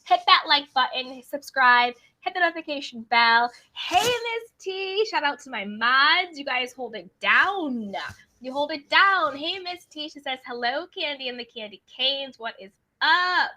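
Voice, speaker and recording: Bubbly high-voiced woman hosting a livestream. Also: lively intonation, normal speed, sharp tone. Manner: bubbly, greets viewers by name. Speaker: livestream host. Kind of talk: casual live-stream chat.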